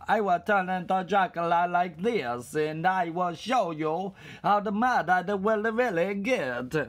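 A man putting on a deep angry voice, scolding and insulting with heavy swearing. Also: fairly bright tone, full character voice.

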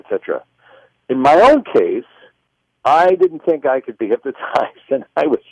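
A male author and filmmaker, a guest on a radio interview, telling a personal story with lively delivery and acting out both sides of remembered conversations. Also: medium pitch, no room sound. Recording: muffled, lo-fi radio phone-in line.

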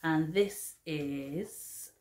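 Slow, chatty woman vlogger, low-pitched. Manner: chatty, fond, with fillers and soft laughs. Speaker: craft vlogger. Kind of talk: casual show-and-tell chat.

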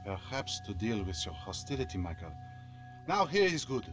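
An actor playing a pretentious male yoga instructor who speaks with a put-on French accent, in slow, theatrical game dialogue. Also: lowish voice, big pitch swings. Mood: instructive. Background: game music.

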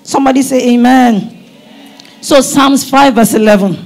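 A middle-aged woman pastor preaching a sermon at a church service, fervent and often breaking into shouts. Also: high voice, normal speed.

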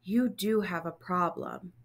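A woman's voice: fairly low pitch, unhurried. A woman reading aloud, voicing a wise, kind grandmother in a storybook who speaks patiently. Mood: caring. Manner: warm, patient, teaching.

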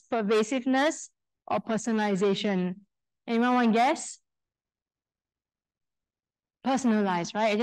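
Singaporean woman, workshop speaker, fairly high voice, lively storytelling with questions to the room. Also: poor audio. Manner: lively storyteller, acts out quoted speech; engages audience with questions and polls. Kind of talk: live workshop talk to an audience.

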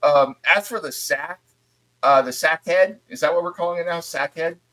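A man's voice: on the high side, normal speed, fairly bright tone, poor audio. Easygoing man chatting on a podcast. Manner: chatty and easygoing, laughs at himself. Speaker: podcast co-host. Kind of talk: casual podcast chat.

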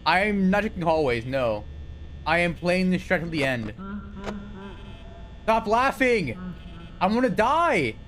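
A young man streaming live gameplay, talking fast and excitably, yelping and swearing at scares and cheering at wins. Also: high-pitched, a little hiss or hum. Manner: excitable, jumpy, swears, yelps when scared.

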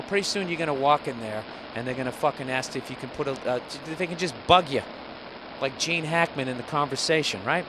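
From a hotel room, a male podcast host goes on a rambling, sarcastic, profanity-laced comedic rant using a single microphone and no headphones. His voice is medium-pitched, and there's background noise.

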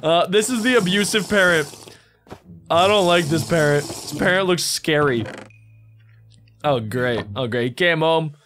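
A man hosting a casual reaction video, talking in an excitable, playful way. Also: on the high side, unhurried, pauses often, faint music behind. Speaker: YouTube reaction host.

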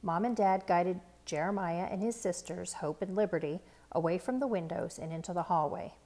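A woman reads a children's picture book aloud, measured and earnest. Her voice is low and carries a gravelly fry. The delivery is steady storytelling for young listeners. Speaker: storybook reader.

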